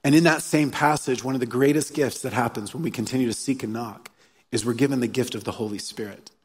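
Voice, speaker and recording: A man's voice: medium pitch, fast talker, husky. A man preaching a sermon as a pastor, earnest and storytelling, repeating key phrases. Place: church hall. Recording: live sermon in a reverberant hall.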